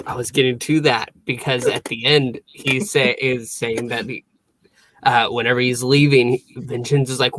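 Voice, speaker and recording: A man's voice: mid-range voice, fairly even intonation, normal speed, fairly bright tone, no echo. A man with a mid-range voice rambles through scene recaps on a casual review podcast. The recording is dry and close. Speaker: podcast co-host.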